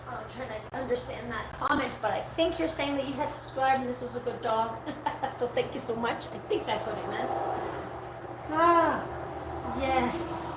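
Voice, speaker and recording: Chatty woman groomer in an echoey room. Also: fairly high pitch. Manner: chatty, coos at the dog between talking to viewers. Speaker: dog groomer, live-stream host. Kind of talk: casual live-stream chat while grooming. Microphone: device mic, her own mic not set up. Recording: echoey room with background noise.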